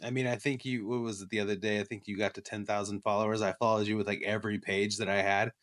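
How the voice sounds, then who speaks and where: A man's voice: on the low side, level tone, fast, a bit bright. A man co-hosting a podcast, joking and teasing in casual banter. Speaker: co-host.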